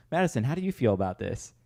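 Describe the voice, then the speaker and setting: A man's voice: medium pitch, vocal fry, mellow. A man hosting a podcast, joking his way through a rambling casual movie recap. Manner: joking, rambling plot summary. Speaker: podcast host.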